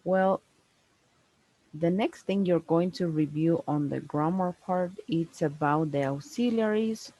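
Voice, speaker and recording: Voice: medium pitch, a little mellow, poor audio. Patient English teacher. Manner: patient, explains slowly, ends points with "no?" and "right?". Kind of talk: one-on-one online grammar lesson.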